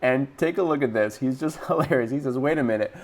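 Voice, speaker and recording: A man's voice: medium pitch, fairly quick, darkish tone. A man hosting casual online political commentary, enthusiastic and chuckling as he introduces clips.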